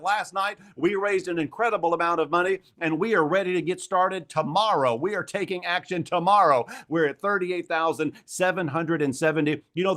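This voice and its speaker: A man hosting a live fundraising appeal at a virtual gala, rallying donors with high energy and calling out names as gifts come in. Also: fairly bright tone. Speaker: fundraising auctioneer host.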